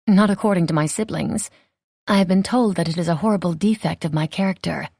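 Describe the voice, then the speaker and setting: A contrary, spirited young lady of a romance audiobook, voiced by a woman narrator. She teases wryly in a low, gravelly tone. The sound is close and dry. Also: fairly quick, darkish tone, no echo. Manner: wry, teasing. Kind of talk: audiobook character reading.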